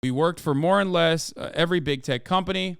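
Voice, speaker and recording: Guy doing a icelandic accent reading a letter out, kinda high, smooth. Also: fairly quick, fairly bright tone, no room sound, clean studio sound. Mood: earnest. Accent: put-on Icelandic. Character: man reading his own open letter in Icelandic accent.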